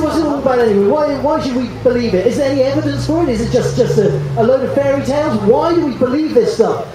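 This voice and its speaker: A man preaching outdoors to a crowd, animated and joking, acting out voices from the stories he tells. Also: very high-pitched, background noise. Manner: animated, jokey, acts out biblical voices. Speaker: street preacher. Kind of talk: outdoor evangelistic talk. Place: outdoors in a public square. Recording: echoey from far off.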